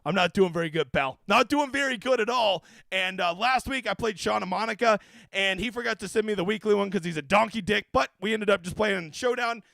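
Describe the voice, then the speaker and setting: A man's voice: high-pitched, brisk, vocal fry, bright, forceful tone, no echo. A man hosting a fantasy golf livestream in a casual, profane, ranting way, with brash jokes aimed at his viewers. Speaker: daily fantasy golf streamer.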